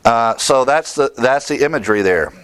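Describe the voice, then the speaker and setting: A man's voice: medium pitch, lively intonation, moderate pace, a bit bright, clear, resonant tone. A man giving expository Bible teaching in a conversational way, repeating key words for emphasis and rattling off lists of verse references.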